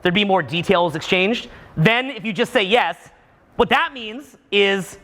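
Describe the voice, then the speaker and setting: Seminar speaker, male, from Canada: high, lively pitch, acts out the people he describes. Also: unhurried. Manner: animated, acts out what people say, frequent restarts. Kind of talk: live seminar talk to an audience.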